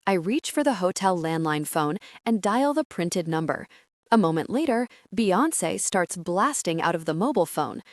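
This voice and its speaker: A woman narrating a romantic comedy audiobook in the first person, expressive and wry. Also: fairly low pitch, moderate pace, dry recording, studio quality. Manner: expressive, wry, animated storytelling.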